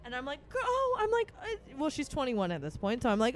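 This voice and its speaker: A woman in her twenties co-hosts a podcast, telling a story in casual chat, laughing often and acting out what people said. Her mid-range voice is animated and fast, with few pauses.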